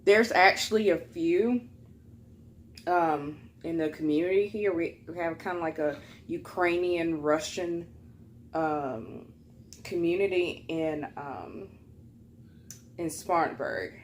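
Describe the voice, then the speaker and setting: A young woman chats through a casual mukbang storytime, filling her sentences with fillers. Her voice sits a little low, and she jumps higher when she quotes people. Faint room noise hums under her voice. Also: slow, pauses often. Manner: chatty, many fillers, acts out quotes in a higher voice. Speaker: vlogger.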